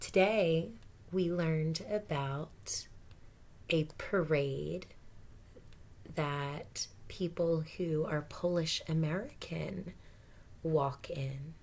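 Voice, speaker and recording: Slow, gentle teacher reading a storybook. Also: female voice, low voice. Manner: slow and gentle, pausing to explain and ask questions. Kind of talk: reading a picture book aloud to children.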